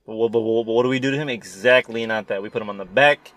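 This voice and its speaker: A man's voice: on the low side, quick pace, a bit bright. A young man in casual chat, telling a story with lots of swearing, acting out quotes and laughing often.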